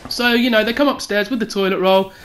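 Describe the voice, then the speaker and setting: A young woman telling a crude comic story as a vlogger, swearing freely and acting out quotes loudly. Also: mid-range voice, quick pace.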